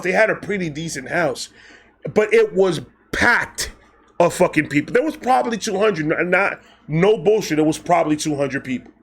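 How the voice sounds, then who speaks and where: A man from Brooklyn, telling a personal story in a casual, profane, animated way, slipping into voices when quoting people. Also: high-pitched. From Brooklyn, New York.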